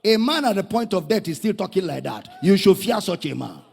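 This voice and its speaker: A man with a Nigerian accent preaches a dramatic, animated sermon a little fast, his high-sitting voice creaky with a breathy edge. As pastor, he calls out to the congregation, and the church recording sounds like an echoey hall.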